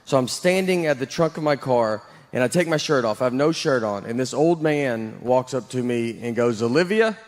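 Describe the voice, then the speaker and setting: Deadpan stand-up comedian. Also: male voice, medium pitch, moderate pace, few pauses. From Nashville, Tennessee. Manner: deadpan, rambling with many fillers. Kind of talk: stand-up set.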